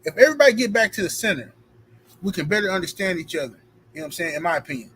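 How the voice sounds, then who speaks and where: High-voiced animated male streamer. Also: racing, slight background noise, rough recording. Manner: animated, reads out super chats and thanks donors; emphatic, playful street talk. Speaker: live stream host. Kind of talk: casual live-stream commentary.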